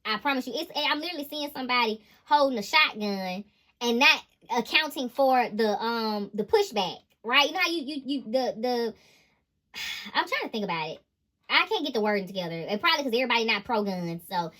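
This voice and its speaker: A woman reads tarot cards in an emphatic, slangy monologue. Her voice is bright and sharp. She talks with lively energy and laughs often. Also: fairly high pitch, a little fast. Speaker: intuitive tarot reader.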